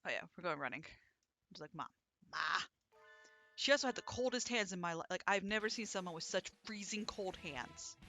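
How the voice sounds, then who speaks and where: A woman's voice: mid-range voice, expressive, fairly quick, fairly bright tone, faint music behind. A young adult woman chatting casually over a game, rambling into stories. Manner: chatty, rambling anecdotes with acted quotes. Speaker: let's play streamer. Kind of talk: casual gameplay commentary.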